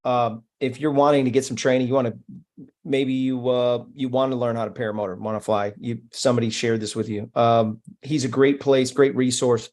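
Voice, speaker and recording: A man's voice: mid-range voice, fairly quick. A man hosting a podcast, casually running through sponsor mentions with plenty of fillers. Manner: relaxed, with many fillers. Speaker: podcast host.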